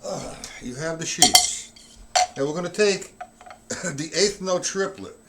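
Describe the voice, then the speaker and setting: Over background noise, a man with a slightly high voice teaches a live-streamed drum lesson at a slow but animated pace. Feeling unwell, he coughs occasionally and counts beats out loud as he plays.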